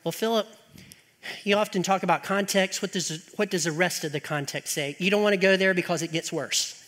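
A middle-aged man preaching in a church sanctuary, his high, bright voice ringing out with a long hall reverb. He swings into animated, exasperated rants full of rhetorical questions, then settles back into earnest teaching. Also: fairly quick. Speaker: pastor. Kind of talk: sermon.

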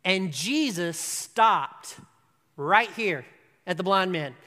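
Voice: mid-range voice, expressive, slow pace, bright, forceful tone, big-room sound. A preacher giving a sermon as conversational storytelling, checking in with the listeners and acting out scenes.

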